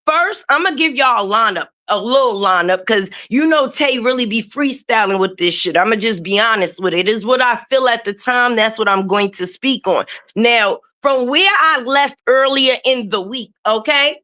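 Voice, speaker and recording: High, bright-voiced woman streaming live. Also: moderate pace, few pauses. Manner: animated, blunt and profane, calling out names. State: sniffly from a cold. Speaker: livestream host. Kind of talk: casual live-stream chat. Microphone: webcam or phone mic while streaming.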